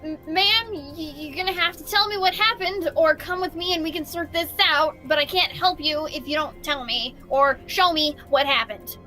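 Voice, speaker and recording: A woman playing a flustered security guard, stammering, high bright voice, polite. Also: normal speed, few pauses, faint music behind. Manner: hesitant, stammering.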